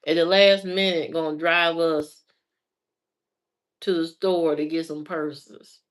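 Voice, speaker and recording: A woman's voice: deep voice, steady tone, slow. An adult woman telling stories in a casual, chatty way, laughing often as she goes. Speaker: vlogger. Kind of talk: casual storytelling.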